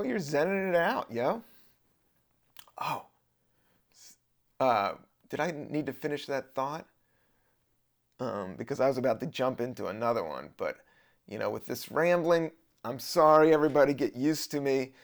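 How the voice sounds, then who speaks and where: A man from Southern Virginia hosting a podcast, rambling casually in a laid-back, profane monologue. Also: on the high side. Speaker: podcast host.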